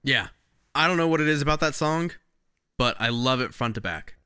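Bright clear guy rambling on a music podcast, into a close mic. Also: medium pitch, moderate pace. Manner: enthusiastic, rambling storytelling. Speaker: podcast co-host. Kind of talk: casual music podcast chat. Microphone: podcast microphone.

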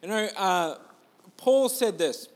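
A man preaching a sermon in a relaxed, conversational way, joking at his own expense and restarting his sentences. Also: sits high, slow, creaky. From Australia. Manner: conversational, self-deprecating, with restarts. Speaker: pastor.

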